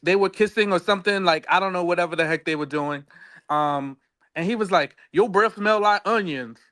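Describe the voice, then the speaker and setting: Male co-host, slightly high voice, rambling casual recap, lots of ums while he hunts for words. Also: fairly even intonation, a little fast, fairly bright tone. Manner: rambling, searches for words with many fillers. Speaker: podcast co-host. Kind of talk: casual reality-show recap chat.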